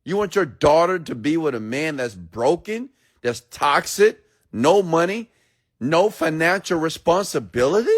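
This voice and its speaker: A man live-streaming a blunt, preachy rant to viewers, swinging between loud outbursts and low asides. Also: animated, unhurried.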